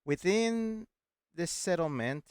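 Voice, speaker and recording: A man streaming a video game, chatting excitedly, repeating words and reading the chat aloud. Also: high voice, slow pace, smooth, no room sound, studio quality. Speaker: gaming streamer. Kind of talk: excitable live gameplay chat.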